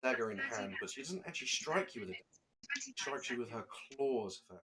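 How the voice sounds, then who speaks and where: A man narrating as game master, in a loose, halting way with fillers and restarts. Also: mid-range voice, sing-song, a loud crowd.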